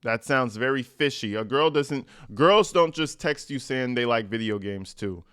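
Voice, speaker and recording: A man's voice: medium pitch, expressive, normal speed, a bit bright, smooth. A man hosting a reaction channel, reading letters aloud and breaking in with blunt, profane, mocking commentary.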